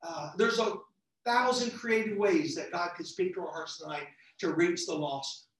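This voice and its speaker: A man, a visiting lay preacher, giving a fervent sermon in a church, his voice jumping into excited high outbursts. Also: moderate pace. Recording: very echoey church from far off.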